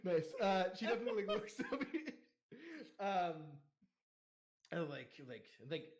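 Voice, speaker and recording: A man's voice: high voice, lively intonation, a little slow. A young man narrating as game master, rambling with fillers and laughter.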